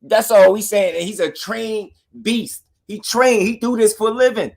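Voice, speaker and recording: A man hosting a live boxing talk stream, speaking in an animated, slangy, repetitive way to his chat. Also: high-pitched, moderate pace, creaky. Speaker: boxing talk show host.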